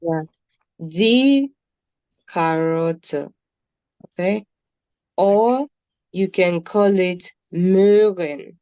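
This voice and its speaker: A woman's voice: fairly low pitch, drawn-out words, long pauses, warm tone, clear, resonant tone, dry recording, muffled recording. A woman with a Nigerian accent teaching a beginner German class, patiently repeating words for her students. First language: Nigerian English speaker.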